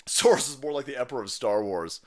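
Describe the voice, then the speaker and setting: A man's voice: mid-range voice, expressive, fast talker, darkish tone. A man hosting a political stream, ranting in a foul-mouthed way with frequent laughs. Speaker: streamer host. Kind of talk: profane political rant stream.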